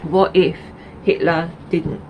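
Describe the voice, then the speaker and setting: A woman's voice: on the low side, level tone, takes it slowly, noisy background. A woman from Essex, hosting a knitting video podcast in a rambling, chatty way with many ums and asides. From Essex, England. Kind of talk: casual chat to camera.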